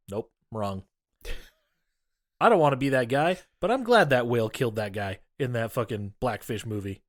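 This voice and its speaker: A man's voice: medium pitch, expressive, moderate pace. A man co-hosting a casual film podcast, recapping scenes with profane, teasing banter. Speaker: podcast co-host. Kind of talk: casual film-review chat.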